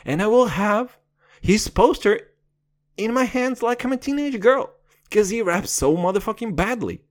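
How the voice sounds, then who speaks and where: A man hosting a podcast, talking in an excitable, profane, jokey way. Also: normal speed. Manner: excitable, profane, jokey, with big pitch swings. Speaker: podcast host. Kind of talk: casual podcast chat.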